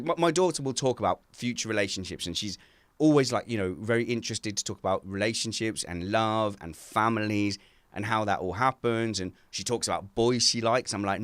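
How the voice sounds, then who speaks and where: A man co-hosting a casual chat from home over a video call, telling animated stories and laughing often. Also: medium pitch, no echo. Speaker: podcast co-host.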